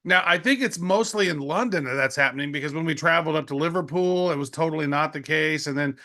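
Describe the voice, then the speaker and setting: A middle-aged man co-hosting a podcast, telling stories in an excitable, slangy way and laughing often. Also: fairly high pitch, quick pace. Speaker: podcast co-host. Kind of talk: casual podcast chat.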